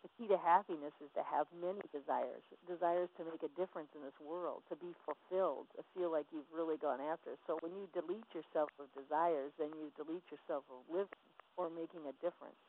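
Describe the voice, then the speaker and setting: A woman's voice: deep voice, fairly even intonation, brisk, slight background noise. A woman business coach giving a passionate, emphatic motivational teaching talk. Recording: tinny phone line.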